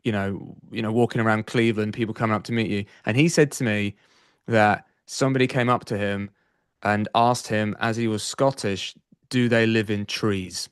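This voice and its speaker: Guy hosting a podcast, lowish voice, dry close sound, lots of ums. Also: moderate pace, clear, resonant tone, dry recording. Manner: chatty, energetic host with frequent fillers. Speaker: podcast host. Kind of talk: casual podcast interview.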